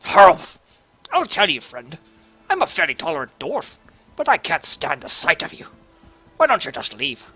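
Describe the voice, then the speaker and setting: Pompous male dwarf, gruff and bright-toned, voiced by a man. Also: a little high, very animated, moderate pace, exaggerated voice. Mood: scornful. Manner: pompous, theatrical, with a slipping put-on accent. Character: gruff intolerant male dwarf graveyard keeper.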